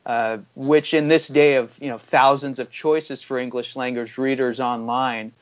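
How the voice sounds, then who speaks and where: Argumentative male analyst, lo-fi audio. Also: medium pitch. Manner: critical, argumentative, many fillers. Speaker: economic analyst guest. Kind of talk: interview commentary.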